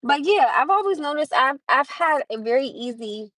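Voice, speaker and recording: A woman's voice: high voice, lively intonation, normal speed, fairly bright tone, no echo. A young woman hosting a casual livestream, chatting with viewers, laughing often and greeting them by name. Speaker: livestream host.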